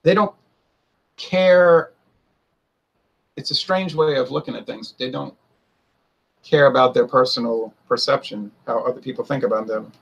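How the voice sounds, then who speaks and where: A man giving a casual political opinion monologue, animated, often mimicking others in a high mocking voice. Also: measured pace, gravelly, long pauses, breathy edge. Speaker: political commentator.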